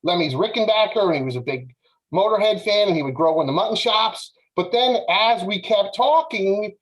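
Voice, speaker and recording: Higher-pitched male panelist, rambling, animated storytelling. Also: moderate pace, poor audio. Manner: animated, lots of filler words. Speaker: podcast panelist. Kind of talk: casual storytelling.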